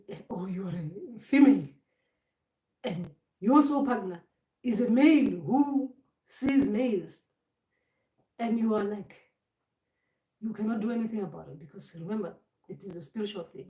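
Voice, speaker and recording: A woman's voice: mid-range voice, a little slow, pauses often, dark tone, far from the mic. A woman giving an informal spiritual talk, rambling and restarting her words often as she explains her point. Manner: rambling, repeats and restarts words, acts out voices. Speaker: spiritual teacher. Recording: echoey room, voice away from mic.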